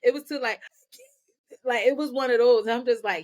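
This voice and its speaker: A woman guest on a podcast, telling her own story in energetic bursts and often repeating words as she goes. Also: on the high side, normal speed, pauses often. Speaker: podcast guest, nonprofit founder. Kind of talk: candid personal storytelling.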